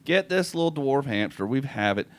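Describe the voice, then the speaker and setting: A middle-aged man tells a funny story on his podcast. His pitch swings widely as he acts out what people said, and he breaks into laughter often. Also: normal speed. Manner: animated, laughs often, acts out quoted lines. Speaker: podcast host. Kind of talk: casual comedic storytelling.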